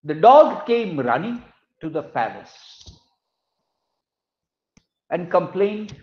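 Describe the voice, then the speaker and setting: A man's voice: sits high, very animated, slow pace. A man giving a university lecture. He tells a fable and then explains it. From India. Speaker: guest lecturer. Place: university hall. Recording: echoey hall, dull lo-fi sound.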